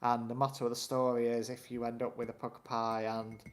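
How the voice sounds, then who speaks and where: A man's voice: mid-range voice, monotone, brisk. A man, co-hosting a live stream and telling a rambling anecdote with frequent chuckles. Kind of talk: casual storytelling chat.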